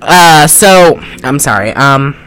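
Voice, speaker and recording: A man's voice: a little high, animated, slow pace, a bit bright, a little hiss or hum. A man co-hosting a casual chat, recapping a film in a rambling, jokey way with lots of fillers. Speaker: podcast co-host.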